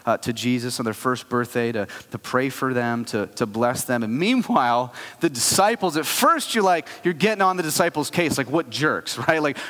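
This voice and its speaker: A man in his thirties preaching a sermon as a pastor, talking in a conversational, animated way with frequent asides. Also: a little high. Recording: long hall reverb.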